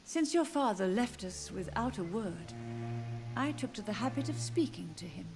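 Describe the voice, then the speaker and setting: An actress voicing a grieving elderly mother who softly insists her living son is a ghost, in video game dialogue. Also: mid-range voice, animated, moderate pace, lightly acted. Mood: mournful. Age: older. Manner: soft, tender, wistful. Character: grieving elderly mother, gently deluded, haunted. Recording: game audio with loud music behind.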